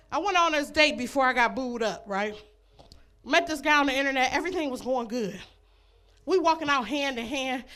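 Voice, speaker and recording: A woman's voice: sits high, a bit bright. A woman doing a stand-up comedy set, brash and bawdy, speaking to the ladies in the crowd and laughing at her own jokes. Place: comedy club stage.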